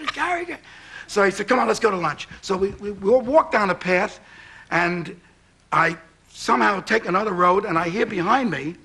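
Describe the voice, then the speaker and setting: A man's voice: very high-pitched, expressive, brisk, pushed and bright, a little hiss or hum. A man, telling a comic anecdote as a talk show guest and acting out both sides of the dialogue. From Brooklyn, New York. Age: 60s. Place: TV studio.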